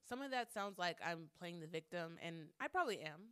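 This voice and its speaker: A woman's voice: fairly low pitch, animated, quick pace, hardly any pauses, fairly bright tone. A woman hosting a solo podcast monologue, talking candidly with frequent swearing and repeating lines for emphasis. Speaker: podcast host.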